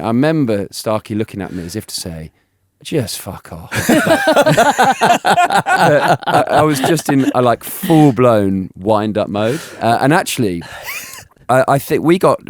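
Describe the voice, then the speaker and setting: A man in his thirties speaks with a low pitch, eager and animated as he recounts stories. He laughs often and stumbles over restarts. The sound is close and dry, with no room echo. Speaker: guest, former cricketer. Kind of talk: casual storytelling interview.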